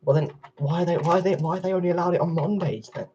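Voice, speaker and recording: A man rambling and bickering with his livestream chat while he plays. His voice is dark and mellow. The stream audio is dull and lo-fi, with faint keyboard typing behind him. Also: a little high, steady tone, fast, slight background noise. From England. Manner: rambling, argumentative replies to chat.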